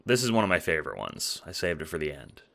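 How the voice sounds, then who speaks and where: A man's voice: extremely low pitch, big pitch swings, fast, vocal fry, fairly bright tone. A man talking through a spoken essay late at night, tired and yawning, conversational and profane with lots of fillers and "right?". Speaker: video essayist.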